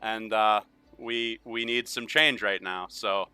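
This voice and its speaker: A man voicing a weary, practical noblewoman who speaks softly and apologetically. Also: fairly low pitch, steady tone, slow pace, clear, resonant tone, no echo, faint music behind, heavily acted. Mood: apologetic.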